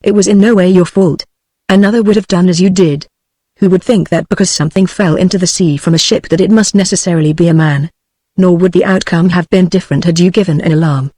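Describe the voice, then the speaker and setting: A woman's voice: fairly low pitch, fairly even intonation, fast, warm tone, no room sound, lightly acted. A text-to-speech woman's voice with a British accent voicing a solicitous Frenchman, without changing its voice. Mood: soothing. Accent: British English. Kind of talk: synthetic text-to-speech book reading.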